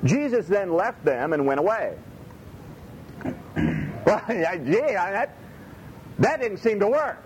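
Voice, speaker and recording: A man preaching a sermon in a folksy, animated way, repeating his phrases for emphasis. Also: high-pitched, takes it slowly, long pauses, slight background noise, poor audio. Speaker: pastor.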